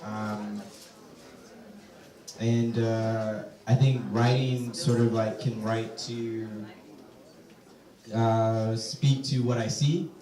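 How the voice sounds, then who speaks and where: A hesitant, soft-spoken man answers questions from a live audience. His pauses and fillers come through a distant mic. The room around him is echoey. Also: on the low side, level tone. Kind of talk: live Q&A at a poetry reading. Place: echoey event space.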